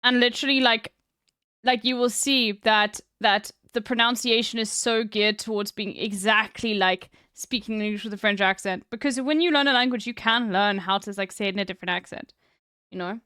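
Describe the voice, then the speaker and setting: Woman streamer, kinda high voice, dry close mic, blunt and laughs a lot. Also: fairly even intonation, moderate pace, pushed and bright, clean tone, no echo. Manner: laughing, blunt, swears freely. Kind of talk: casual stream chat.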